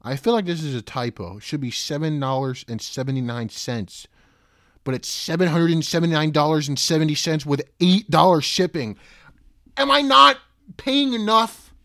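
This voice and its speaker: A young man hosting a casual solo podcast who rambles, swears and breaks into loud, disbelieving outbursts. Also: fairly high pitch, fairly quick, no room sound. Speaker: podcast host.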